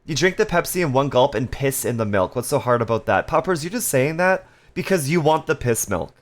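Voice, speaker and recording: A man's voice: medium pitch, lively intonation, a little fast. A man casually chatting on a live stream, reading viewer messages aloud with playful jokes and frequent laughter. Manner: laughs often.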